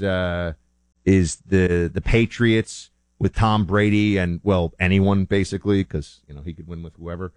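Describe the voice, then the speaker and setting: A man's voice: sits low, dry recording, studio quality. A man hosting a show, talking in a rambling, chatty way and often correcting himself. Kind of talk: casual monologue.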